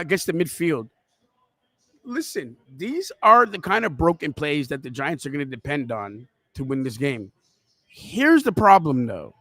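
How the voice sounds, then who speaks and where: A man's voice: fairly high pitch, a bit bright, no echo. A man hosting a podcast, giving rambling, chatty live football commentary from a restaurant and calling his listeners kids. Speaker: podcast host.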